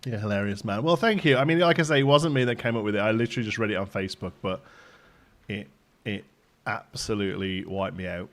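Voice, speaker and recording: A man in his thirties with a softened Midlands accent, hosting a game livestream in rambling, chatty talk and laughing often. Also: fairly low pitch, fast. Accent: softened Midlands English. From English Midlands. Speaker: livestream host. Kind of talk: casual chat while streaming a game.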